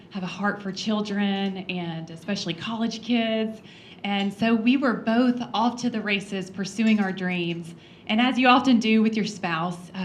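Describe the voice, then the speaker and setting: Woman legislator, personal speech, earnest storyteller with soft laughs and ums, middle pitch. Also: slight background noise. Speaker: congresswoman giving a talk. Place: breakfast event room.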